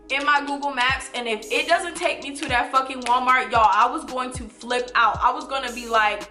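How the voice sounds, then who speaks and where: A woman in her twenties telling a storytime vlog, animated and casual, swearing and talking straight to viewers. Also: high-pitched, echoey room. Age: 20s. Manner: animated, swearing, addresses viewers as y'all and you guys. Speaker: vlogger.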